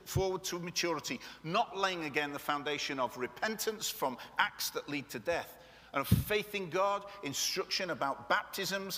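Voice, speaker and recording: A male pastor preaching live, his fairly high voice bright and forceful. He jokes and talks straight to the congregation, and the sound rings with long reverb from the hall. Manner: jokey, chatty preacher who addresses the room directly. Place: church hall with live audience.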